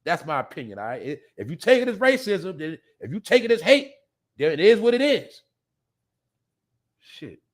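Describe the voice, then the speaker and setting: A man's voice: high voice, big pitch swings, moderate pace, long pauses. A man hosting a live show, ranting bluntly and profanely in a rambling way, often laughing. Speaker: podcast host. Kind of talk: casual live-stream rant.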